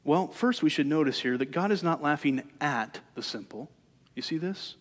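A man's voice: fairly high pitch, expressive, normal speed. A male pastor giving a sermon, speaking conversationally and posing rhetorical questions to his listeners. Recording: long hall reverb.

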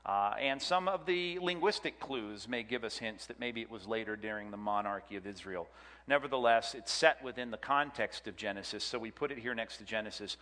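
A man's voice: fairly low pitch, bright, forceful tone. A man teaching a Bible class, chatty and joking, quizzing the audience. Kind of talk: classroom lecture with audience questions. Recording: long hall reverb.

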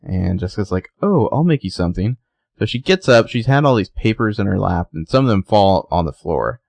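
Low gravelly man recapping animatedly. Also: a little fast, dry recording. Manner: animated retelling, acting out characters' lines. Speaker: podcast co-host recapping a TV episode. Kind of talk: casual chat.

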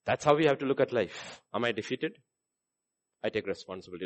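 Expressive and fast, a man delivers a sermon full of emphatic repetition, swinging from loud urging down to a low, intense tone.

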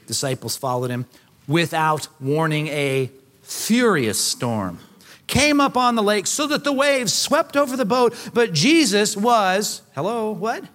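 A man preaching a sermon, conversational and animated, acting out voices from the scripture. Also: high voice, unhurried. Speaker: pastor.

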